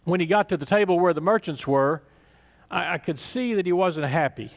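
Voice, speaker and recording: A man's voice: high voice, moderate pace, gravelly, big-room sound. A man preaching a sermon as a vivid, dramatic first-person story in a church sanctuary. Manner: vivid and expressive, voicing a boy recalling events.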